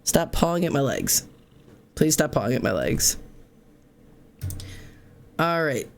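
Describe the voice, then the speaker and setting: A young adult man streaming live from home, chatting casually and rambling jokily with his viewers and his cats. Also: a little high.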